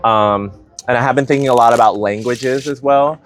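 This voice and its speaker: A man giving a casual spiritual tarot reading, animated and playful, thinking aloud with lots of "like" and "you know". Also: medium pitch, normal speed. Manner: animated, playful, many fillers like "like". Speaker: tarot reader.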